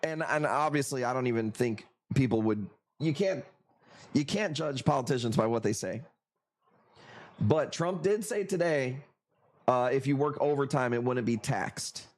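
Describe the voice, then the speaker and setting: A man's voice: medium pitch, normal speed. A man hosting a live coral auction stream, chatting casually with viewers in profane, joking, rambling banter. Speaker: livestream coral auction host. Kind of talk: casual live sales chat.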